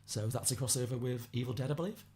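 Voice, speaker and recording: A man hosting a casual podcast, chatty and quick, reading out listener suggestions with a laugh here and there. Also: medium pitch, warm tone, slight background noise. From Liverpool area of England. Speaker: podcast host.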